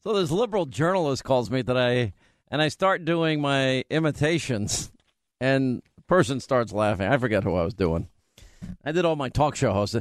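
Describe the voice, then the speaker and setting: Jokey talk radio host. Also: male voice, medium pitch, expressive, moderate pace, no room sound, studio quality. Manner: jokey, mocking, rambling.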